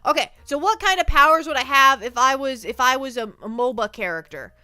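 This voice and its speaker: A woman's voice: sits high, lively intonation, brisk, pushed and bright, clear, resonant tone, no echo, clean studio sound. A woman livestreamer chatting casually with her viewers, playful and mock-hurt, often repeating words as she thinks aloud. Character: speaks as a sensitive penguin streamer persona.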